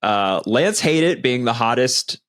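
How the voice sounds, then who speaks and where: A man's voice: medium pitch, expressive, measured pace, fairly bright tone. A man co-hosting a podcast in casual chat, blunt and teasing. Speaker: podcast co-host.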